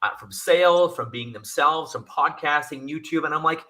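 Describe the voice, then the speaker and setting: A man's voice: on the high side, moderate pace, bright, forceful tone. A man working as a communication coach, giving advice in an interview with energy, stressing and repeating his key phrases.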